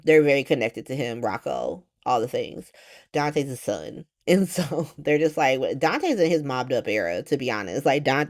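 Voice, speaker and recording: Low-voiced woman ranting casually. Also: a little mellow. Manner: blunt, profane and sarcastic, rambling with fillers; exasperated rhetorical questions. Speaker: podcast host recapping a soap opera. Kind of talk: casual recap chat.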